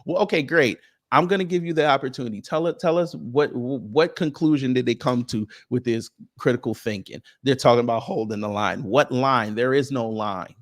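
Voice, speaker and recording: A political commentary host rants at his live-stream audience in a mid-pitched voice, firing off rapid rhetorical questions. Animated and mocking, he laughs scornfully as he goes.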